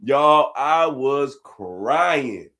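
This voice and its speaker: A man telling a funny family story as host, dropping to low asides and bursting into high laughing shouts. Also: animated, very slow. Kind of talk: storytelling comedy reaction.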